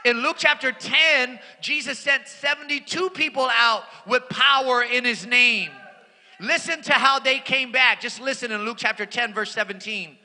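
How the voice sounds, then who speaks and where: A man preaching a sermon and telling stories, animated, swinging from hushed asides to shouted declarations. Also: very high-pitched, normal speed. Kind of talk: sermon with personal storytelling. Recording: long reverb of a large hall.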